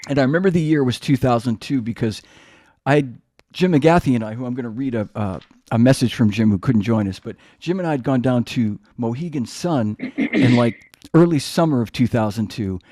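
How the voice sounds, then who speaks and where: Man, podcast host, casual reminiscing, mid pitch, dry close sound. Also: lively intonation, fairly quick, mellow, dry recording. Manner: reminiscing, conversational.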